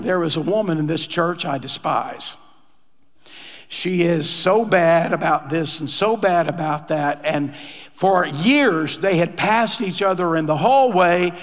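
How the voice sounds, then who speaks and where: A man preaching as pastor, slipping into the voices of people he quotes as he tells a story. His voice sits a little high for a man. Long reverb of the church hall trails after every line. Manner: conversational storytelling, acting out quoted lines. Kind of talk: sermon storytelling.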